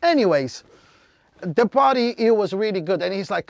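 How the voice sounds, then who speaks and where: A man from Brazil, whose first language is Portuguese, telling stories in a casual podcast chat and acting out what people said with big jumps in pitch. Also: normal speed, creaky, no room sound. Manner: animated, acts out quotes with big jumps in pitch. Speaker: DJ, podcast guest. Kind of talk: casual storytelling.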